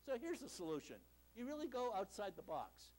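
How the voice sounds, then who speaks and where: An older man lectures in a hall, his voice pitched high for a man. He swings through his pitch freely, animated and storytelling, with dry jokes at his own expense. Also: fairly quick. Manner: animated storytelling, self-deprecating humor. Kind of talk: university lecture.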